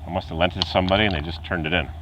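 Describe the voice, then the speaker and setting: A man's voice: sits low, steady tone, very fast, fairly bright tone, slight background noise, low-quality recording. A man casually telling a rambling car repair story outdoors at night, chuckling and imitating the noises the car makes. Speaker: car hobbyist vlogger.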